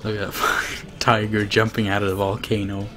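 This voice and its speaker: A man streaming himself playing a fighting game, chatting casually, swearing and laughing, with bursts of excited shouting. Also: on the low side, a little fast, soft background music. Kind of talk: casual gameplay commentary.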